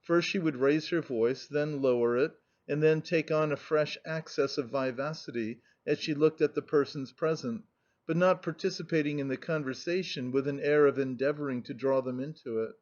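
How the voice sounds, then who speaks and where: A man narrating a classic novel in a measured, even reading. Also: a little high. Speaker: audiobook narrator. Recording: muffled lo-fi recording.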